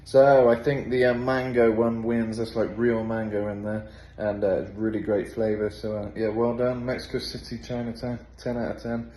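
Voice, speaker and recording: A man's voice: mid-range voice, flat delivery, moderate pace, hardly any pauses, mellow, a little hiss or hum. A British man giving casual travel commentary outdoors from an open-top tour bus, rambling and swearing freely. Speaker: travel vlogger. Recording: busy street crowd behind.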